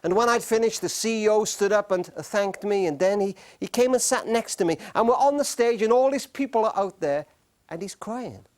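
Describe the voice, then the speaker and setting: Speaking on marriage, a middle-aged man tells stories to a live audience in a notably high voice with a darkish tone. His delivery is earnest, slowing on key words with emphatic pauses that add weight.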